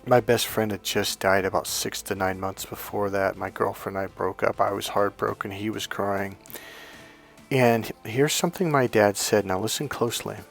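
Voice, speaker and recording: A man's voice: on the low side, fairly even intonation, normal speed, gravelly, soft background music. A middle-aged man giving dating coaching and telling a personal story in an earnest, emphatic way, sometimes acting out what others said. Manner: earnest, emphatic, acts out quotes.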